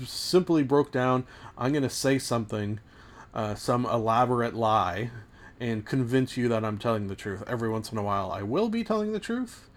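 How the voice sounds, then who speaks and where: A man in his late thirties talks through his solo podcast in a loose, wandering way. He trips over his words and restarts often, poking fun at himself as he goes. His voice sits at an ordinary middle pitch. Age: late 30s. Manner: rambling, stumbling restarts, self-mocking asides. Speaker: podcast host. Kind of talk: casual solo podcast monologue.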